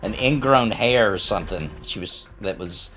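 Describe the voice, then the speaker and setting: A man casually chatting on a game stream, telling stories with lively shifts in voice. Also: normal speed. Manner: animated storyteller, jumps high when quoting people. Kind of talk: casual gaming stream chat.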